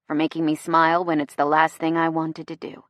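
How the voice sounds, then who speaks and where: A woman voicing a brooding young man who speaks low and tersely in an audiobook. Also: level tone, brisk, dry recording, clean studio sound, natural voice. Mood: wry. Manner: low, muttered.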